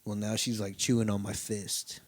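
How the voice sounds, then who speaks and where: A man's voice: fairly low pitch, normal speed, no echo. Easygoing man chatting on a podcast. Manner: easygoing, rambling, deadpan jokes. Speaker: podcast guest, touring comedian. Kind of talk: casual comedy podcast chat.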